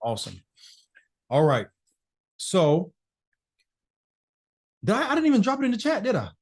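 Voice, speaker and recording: A man teaching a business masterclass over a video call, his voice sitting fairly high for a man. He talks in a loose, chatty way and calls on participants by name. The call mic is his everyday setup. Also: wildly swooping pitch, normal speed, a little mellow. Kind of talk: casual live online class.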